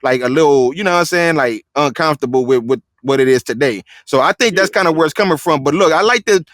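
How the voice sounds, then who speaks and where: Middle-aged male host, animated and laughing, bright forceful voice, dry close sound. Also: fairly high pitch, fast, no room sound. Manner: animated and laughing, fills with "you feel what I'm saying". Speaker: interview host. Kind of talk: casual interview chat.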